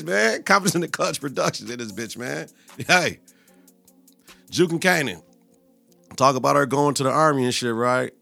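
A man's voice: mid-range voice, vocal fry, sharp tone, no room sound. Profane, slangy man recapping a show. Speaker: podcast host. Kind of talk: casual TV episode recap.

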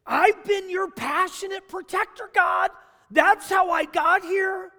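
A man voicing an exasperated ancient prophet who loudly defends himself, with a long hall reverb. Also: very high-pitched, steady tone, takes it slowly, pitched above the performer's own voice, full character voice. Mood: indignant. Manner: loud, indignant, pleading.

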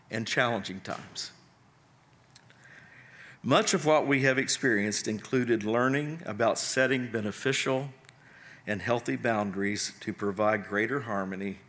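A middle-aged man preaching a sermon in a bright, clear voice. His delivery is earnest and unhurried, and he pauses between his points. He speaks at an ordinary middle pitch. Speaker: pastor.

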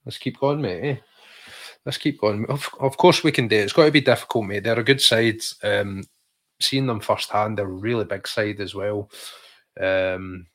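A Scottish man with a fairly low voice, chatting loosely about football as a podcast co-host. He often restarts his sentences and keeps calling his friend mate. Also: a bit bright. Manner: chatty, repeats words while thinking, says mate a lot. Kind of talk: casual football chat.

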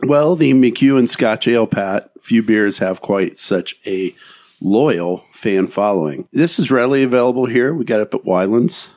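A man's voice: medium pitch, expressive, normal speed, darkish tone, no room sound, studio quality. A man co-hosting a casual chat, describing the flavours of a drink with enthusiasm. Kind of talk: casual tasting commentary.

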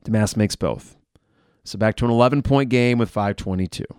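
A man hosting a live game reaction podcast, blunt and frustrated, who swears and flares into shouting. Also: on the low side, brisk, clear, resonant tone, no room sound, studio quality.

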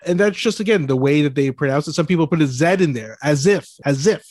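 Podcast cohost guy, calm and explainy, slightly high voice, dry room. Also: no room sound. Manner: measured, explains points by citing research. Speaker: podcast co-host. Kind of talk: casual podcast chat.

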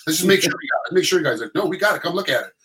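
A middle-aged man telling stories in casual chat, animated and acting out quotes in other voices. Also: on the high side, racing, slight background noise, low-quality recording.

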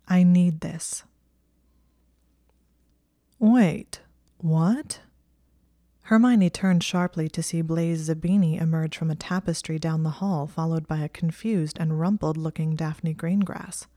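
A woman reading a fan fiction story aloud as an audiobook, in calm, measured narration. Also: sits low, no echo, clean studio sound. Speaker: audiobook reader.

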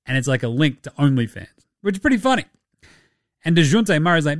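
A man hosting a casual sports podcast, animated and jokey, swearing freely. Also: fairly high pitch, brisk, no room sound, studio quality. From Australia. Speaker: podcast host.

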